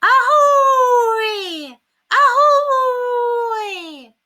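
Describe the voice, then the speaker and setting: A woman voicing a theatrical parrot in a storybook, with shrill, screeching squawks. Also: expressive, very slow, sharp tone, full character voice. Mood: squawking.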